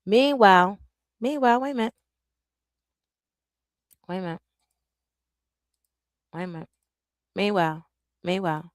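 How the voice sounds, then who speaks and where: A woman's voice: mid-range voice, animated, a little slow, pauses often, no echo. A woman hosts a live reaction stream, talking loosely and repeating herself while she juggles screens. Her voice is close and dry, with no room sound. She speaks straight to her viewers.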